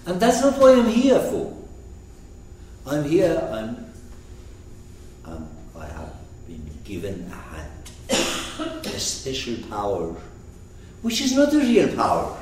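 Man, lively pitch, slow deliberate delivery, lecture, echoey room, distant mic. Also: background noise. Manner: animated, swings from loud to hushed, acts out quotes. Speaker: teacher. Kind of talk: expressive lecture on a poem.

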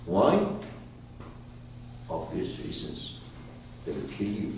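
Man lecturing a class, native persian speaker, deliberate pace, lively pitch, very echoey room, distant mic. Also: gravelly, a little hiss or hum. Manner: animated, emphatic, swings from loud to hushed. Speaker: teacher.

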